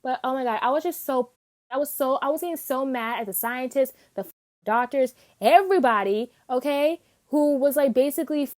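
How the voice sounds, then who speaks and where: High-voiced woman ranting animatedly. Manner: animated and emphatic, swears often; talks in quick bursts, acting out her reactions. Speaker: anime reviewer. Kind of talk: casual unscripted review.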